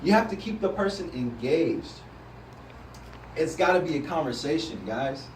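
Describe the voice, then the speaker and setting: A man training a sales team in a live talk to a group, energetic and coaching, often checking in with the listeners. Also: a little high, normal speed, slight background noise. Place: indoor room with a group. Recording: roomy sound from a distance, faint background.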